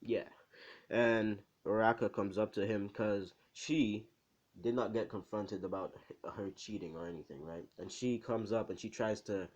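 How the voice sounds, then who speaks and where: A man's voice: on the low side, steady tone, normal speed, darkish tone. Rambling young man telling a fan story. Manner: rambling, full of fillers and "right?" asides. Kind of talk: casual improvised fan-story narration.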